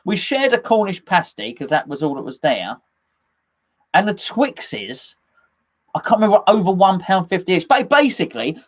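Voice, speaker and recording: A man's voice: high-pitched, wildly swooping pitch, normal speed. A middle-aged man hosting a casual live fan chat, rambling and jokey, with lots of fillers and restarts as he reads out comments.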